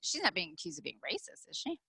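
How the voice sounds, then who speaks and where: A woman's voice: fairly low pitch, very animated, quick pace, creaky, pushed and bright, breathy edge, no room sound. A woman co-hosting a podcast, giving blunt opinions in casual bickering chat with frequent ums. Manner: blunt, opinionated, hesitant fillers. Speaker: podcast co-host.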